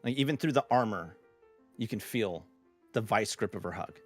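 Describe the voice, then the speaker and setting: A man's voice: on the low side, animated, normal speed, soft background music. A man narrating a tabletop game as game master, loose and chatty with lots of fillers. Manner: laughing, loose storytelling with many fillers.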